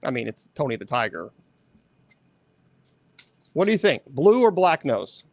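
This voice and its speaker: A man hosting a show, chatting casually in a rambling, animated way, often correcting himself. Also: medium pitch, unhurried, dry recording. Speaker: host. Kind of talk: casual chat.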